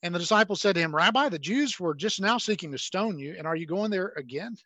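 A man's voice: high-pitched, animated, quick pace, bright, forceful tone, dry recording. A male pastor preaching a sermon, reading scripture aloud and explaining it in a conversational way, with many restarts.

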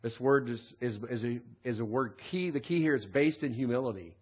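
A man teaching a recorded Bible study lesson in a conversational way. He often checks in with "right?" and keeps clearing his throat. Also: medium pitch, a little fast, highs cut off. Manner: frequent throat clearing and restarts.

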